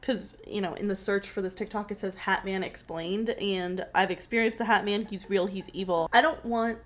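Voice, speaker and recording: A woman's voice: mid-range voice, fairly even intonation, normal speed, a bit bright. A woman hosting a reaction video, talking casually and bluntly, joking and swearing now and then. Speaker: host reacting to clips. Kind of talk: casual commentary.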